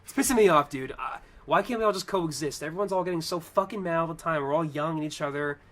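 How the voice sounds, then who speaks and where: A man's voice: on the high side, fast, fairly bright tone. A man co-hosting a podcast, telling stories in a heated, profane way. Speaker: podcast co-host. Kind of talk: casual opinionated chat.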